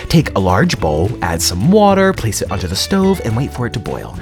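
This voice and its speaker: A man's voice: lowish voice, huge pitch swings, normal speed, few pauses, roomy sound, music in the background. A man casually talking through a recipe as a home cooking vlogger, chatty and given to dramatic exclamations. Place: home kitchen.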